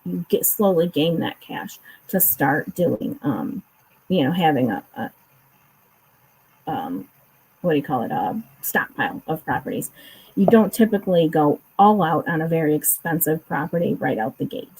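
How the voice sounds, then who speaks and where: Husky low-voiced woman explaining finance. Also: expressive, normal speed, darkish tone, low-quality recording. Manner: explains finance at length with many restarts and fillers. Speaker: co-host discussing a court case. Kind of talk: casual chat over a remote call.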